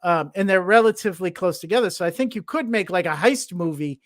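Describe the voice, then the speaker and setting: A man from the United States co-hosting a casual chat show, talking in an animated way and laughing as he talks. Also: high-pitched, quick pace. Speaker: co-host.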